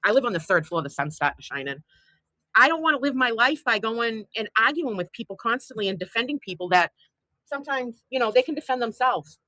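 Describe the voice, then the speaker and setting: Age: 50s. Sex: woman. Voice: bright, high. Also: very animated, a little fast, dry recording, rough recording. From Boston. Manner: chatty storyteller, blunt and profane. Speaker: show host. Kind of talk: casual chat on a livestream.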